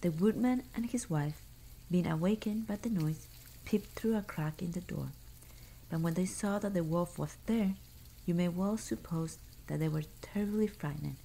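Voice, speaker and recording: Woman storyteller, soft ASMR bedtime reading, warm low voice. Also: vocal fry, slight background noise, low-quality recording. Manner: soft, hushed, unhurried.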